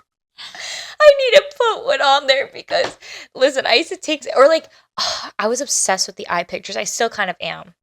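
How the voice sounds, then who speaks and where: A young adult woman co-hosting a podcast, recalling school days in expressive casual chat and laughing often. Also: high-pitched, moderate pace, creaky, no room sound, clean studio sound. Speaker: podcast co-host.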